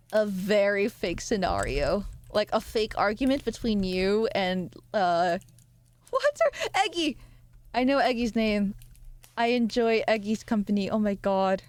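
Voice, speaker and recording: A woman streamer chatting casually with her viewers, excitable and giggly, often jumping up into squealy highs. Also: no room sound. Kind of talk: casual live-stream chat.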